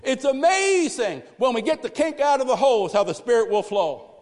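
A man preaching a lively sermon, swinging from loud cries to hushed asides. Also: very high voice, moderate pace. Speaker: pastor. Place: church sanctuary. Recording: live church sanctuary with long reverb.

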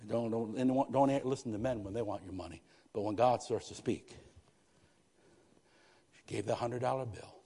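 Man preaching an emphatic sermon. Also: mid-range voice. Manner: emphatic preaching with repeated phrases and swings in loudness. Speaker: pastor.

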